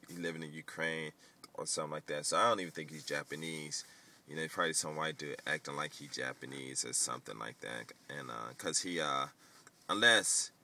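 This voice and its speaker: A man ranting casually in a vlog, rambling and cursing as he tells stories. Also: very deep voice. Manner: profane, rambling, animated storytelling. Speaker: vlogger. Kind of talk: casual rant.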